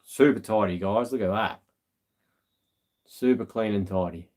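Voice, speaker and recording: A man's voice: fairly low pitch, measured pace, a little mellow. Laid-back Australian man chatting. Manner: laid-back slangy storytelling with many ums. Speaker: livestream host. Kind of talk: casual live-stream chat.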